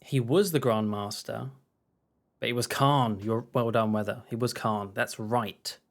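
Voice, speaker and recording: A man's voice: medium pitch, fairly even intonation, a little slow. Chatty man streaming a game. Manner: rambling, chatty asides. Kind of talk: casual let's-play commentary.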